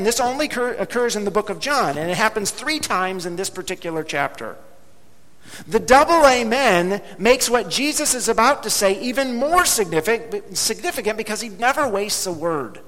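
A man preaching a sermon as pastor, speaking emphatically and slowing down to drop low on key words. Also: fairly bright tone. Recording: long hall reverb.

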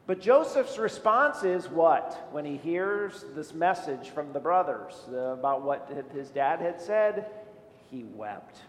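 A man preaching a sermon as a pastor, speaking earnestly and asking many rhetorical questions. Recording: echoey hall with faint low rumble.

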